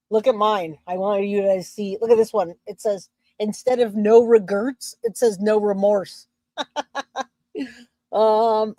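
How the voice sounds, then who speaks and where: A woman's voice: mid-range voice, a little mellow, no echo. Dry-voiced chatty livestream woman. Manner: loose and chatty, self-interrupting, laughs easily. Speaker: true crime livestream host. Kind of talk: casual livestream chat, reading comments aloud.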